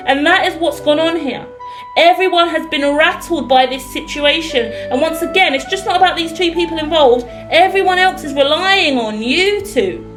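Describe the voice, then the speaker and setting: A woman's voice: high voice, rough recording. A British woman giving a spoken tarot reading in a blunt manner, swearing freely as she lays out the cards. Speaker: tarot reader.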